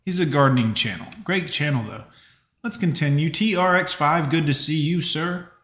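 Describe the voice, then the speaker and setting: A man's voice: a little high, normal speed, a bit bright. A man hosting a casual live reaction stream, chatting with viewers and giving blunt advice. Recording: roomy echo.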